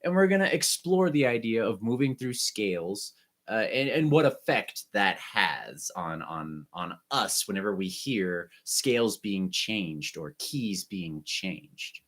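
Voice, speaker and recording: A man teaching an online music lesson, guiding students through breathing and warm-up exercises with short, encouraging instructions. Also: fairly low pitch, big pitch swings, slow.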